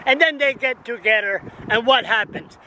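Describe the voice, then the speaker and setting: Outdoors on a windy town street with traffic, a vlogger in his sixties rants casually to a camera on a stand, agitated, rambling and repeating himself. His very high voice has a sharp tone and a moderate pace. The recording is rough, with street noise and wind.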